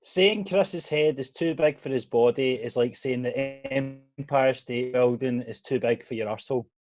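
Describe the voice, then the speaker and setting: A man's voice: mid-range voice, normal speed, darkish tone. A man playing a comedy game show panelist, delivering blunt punchlines over a video call. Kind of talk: comic banter.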